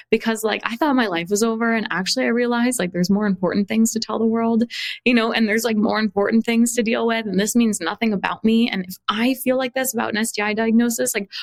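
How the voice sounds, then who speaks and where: A young woman hosting a podcast, telling a personal story in a candid, animated way, acting out dialogue and swearing freely. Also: a little high, no room sound. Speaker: podcast host and coach.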